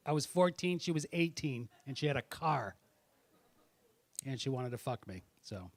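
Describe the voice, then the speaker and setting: A man's voice: a little high, fairly bright tone. Brash, profane stand-up comic man. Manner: profane, brash, teasing the audience. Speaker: stand-up comedian. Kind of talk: stand-up set with crowd work. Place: comedy club stage.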